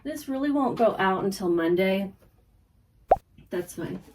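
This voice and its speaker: A woman's voice: medium pitch, expressive, unhurried, noisy background. Chatty woman with a light Texas accent. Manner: chatty, thinks aloud, self-correcting. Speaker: online reseller. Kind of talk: casual chat while packing orders.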